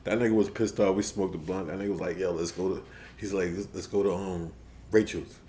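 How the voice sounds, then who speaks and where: A man co-hosting a podcast, telling a funny story in an animated way and laughing often. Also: sits low, a little fast. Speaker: podcast co-host. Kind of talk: casual storytelling.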